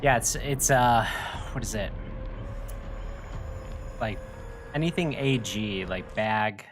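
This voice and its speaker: A man's voice: lowish voice, takes it slowly. A young man with a Wisconsin accent chatting and laughing while streaming a game. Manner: rambling, laughs often. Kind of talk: casual chat while playing a game. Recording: noisy home mic.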